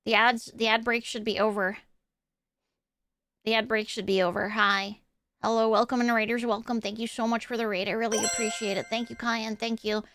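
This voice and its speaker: A woman doing a shy, soft-spoken timid girl. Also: a little high, level tone, normal speed. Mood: apologetic. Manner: soft, hesitant, apologetic. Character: shy timid young woman, basement dweller. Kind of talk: streamer character bit.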